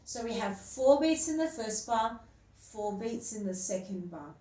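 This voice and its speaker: A woman's voice: fairly high pitch, animated, a little slow, dark tone. A woman music teacher patiently explaining things step by step and counting beats aloud at a whiteboard. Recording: roomy, distant mic, faint hum.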